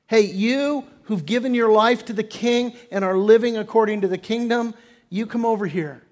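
A male pastor delivering a sermon with emphatic preaching, punching words loudly and then dropping low, and acting out quoted attitudes. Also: normal speed. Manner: emphatic preaching with sudden loud stresses and drops; acts out quoted attitudes in character.

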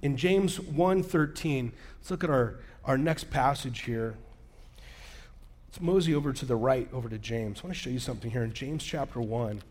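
A man's voice: medium pitch, moderate pace. A male pastor giving a sermon in a casual, storytelling way, acting out the quoted dialogue of his anecdotes.

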